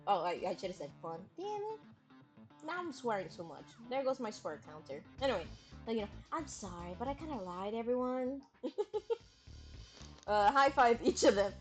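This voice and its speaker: A woman's voice: a little high, big pitch swings, normal speed, soft background music. A woman streamer giving casual gameplay commentary, giggling often, swearing freely and riffing on her own jokes.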